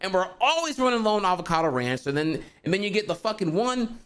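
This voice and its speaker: A man's voice: sits high, big pitch swings, fast, fairly bright tone, clean tone. A young man ranting heatedly to his stream audience, profane and rambling, full of fillers like "dude" and "bro". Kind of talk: casual ranting monologue.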